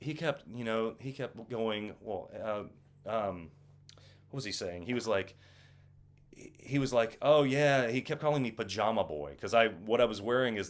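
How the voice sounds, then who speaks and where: A young man with a fairly low voice chats as an interview guest. He tells his stories in an animated, casual way, full of fillers and acted-out quotes. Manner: animated storyteller, acts out quotes. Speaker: actor guest.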